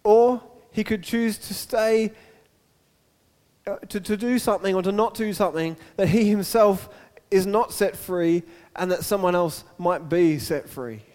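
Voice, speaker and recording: High-voiced preacher telling a story. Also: male voice, measured pace. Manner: storytelling, animated, repeats words. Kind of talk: sermon. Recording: echoey hall.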